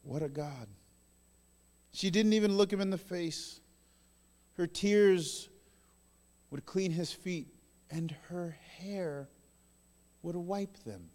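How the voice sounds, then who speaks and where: A male pastor in his thirties preaching a sermon, swinging between loud emphatic bursts and soft hushed phrases. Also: high-pitched, lively intonation, slow, pauses often. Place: large church hall. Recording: long reverb in a large hall.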